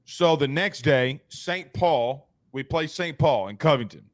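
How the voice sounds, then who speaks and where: A man's voice: a little high, no echo. A man hosting a sports talk show, telling stories animatedly in a slangy, casual way. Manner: animated, fast storyteller with slangy asides. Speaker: podcast host.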